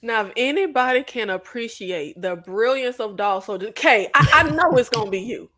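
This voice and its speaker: A woman hosts a casual conversation, her voice sitting a little on the high side. She talks animatedly, with playful exclamations and frequent laughter. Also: lively intonation, normal speed, pushed and bright. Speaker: host. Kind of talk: casual podcast chat.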